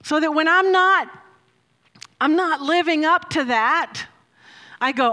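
High-voiced woman preaching in a reverberant hall. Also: takes it slowly, pauses often, pushed and bright. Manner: storytelling with frequent laughs, emphatic rises. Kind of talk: sermon. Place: church hall with a mic. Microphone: handheld or stand mic.

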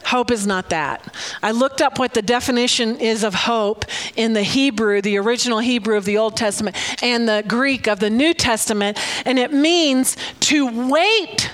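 Middle-aged woman preacher, slightly high voice, tearful and animated, laughs often. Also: normal speed. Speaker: pastor. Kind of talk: sermon with personal prophetic words.

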